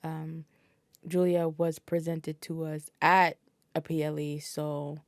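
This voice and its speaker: Woman guest on a podcast, a bit low voiced, blunt and sweary, lots of ums, dry close mic. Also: level tone, slow, no echo. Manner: blunt and profane, with frequent fillers. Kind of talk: casual podcast chat.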